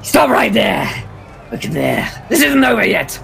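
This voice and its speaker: A man voicing a wounded rival knight shouting defiant threats. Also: high voice, animated, unhurried, gravelly, faint music behind, pitched above the performer's own voice, exaggerated voice.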